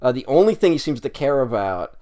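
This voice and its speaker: A man's voice: mid-range voice, big pitch swings, a little fast, dark tone. A man talks through a film on his podcast in an easygoing, rambling way. He hesitates with ums and laughs easily, and his mid-range voice stays casual. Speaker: podcast co-host. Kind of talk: casual movie review chat.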